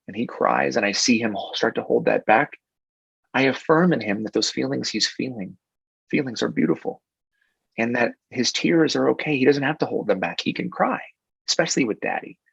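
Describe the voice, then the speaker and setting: A man's voice: mid-range voice, lively intonation, fairly quick, gravelly, husky, no room sound, lo-fi sound. A man in his thirties answering interview questions in an earnest, reflective way, often restarting his sentences. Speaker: guest.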